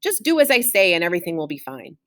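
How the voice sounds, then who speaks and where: A woman voicing a calm, steady young female chick who talks in a dry, level way. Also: fairly low pitch, quick pace.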